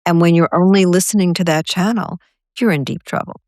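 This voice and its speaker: A woman's voice: fairly low pitch, fairly even intonation, fairly quick, a little mellow, dry recording, studio quality. A woman therapist recounting a client's story in an earnest, conversational interview. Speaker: therapist guest.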